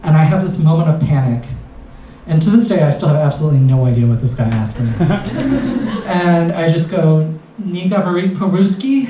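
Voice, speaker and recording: Man, stand-up storyteller, animated, laughing at his own jokes, higher-pitched, distant roomy live recording. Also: a little fast, highs cut off, slight background noise. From United States. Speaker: researcher doing stand-up. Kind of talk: comic storytelling on stage. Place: live comedy venue.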